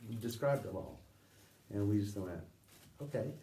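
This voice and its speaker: A middle-aged man recounting memories in a halting, conversational way, often acting out the voices he quotes and sometimes dropping to a near whisper. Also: fairly low pitch, very animated, mellow, slight background noise. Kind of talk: conversational anecdote telling. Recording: distant roomy recording with faint ambience.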